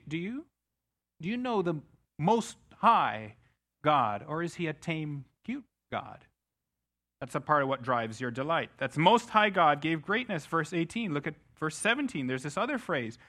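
Bright-voiced male preacher, emphatic. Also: fairly high pitch. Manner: emphatic preaching with repeated stammered restarts. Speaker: pastor. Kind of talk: sermon.

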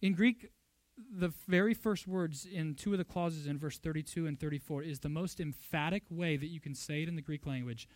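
A man with a high voice preaches a sermon, piling up rhetorical questions and pressing his points with emphasis. He swings to loud, pushing bursts when he drives a point home. The recording is close and dry, with no room sound. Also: moderate pace, no room sound. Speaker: pastor.

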